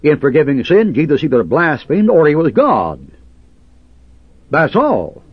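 A man's voice: on the high side, big pitch swings, a little slow, long pauses, husky, dry recording, muffled recording. A man preaching a fiery, combative sermon, sarcastic and quoting scripture in old King James cadence.

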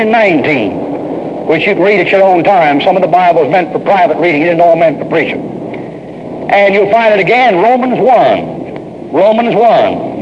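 Male preacher, emphatic folksy sermon delivery; high and lively pitch, muffled lo-fi recording with long reverb. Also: noisy background. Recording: dull lo-fi sermon tape in a reverberant hall.

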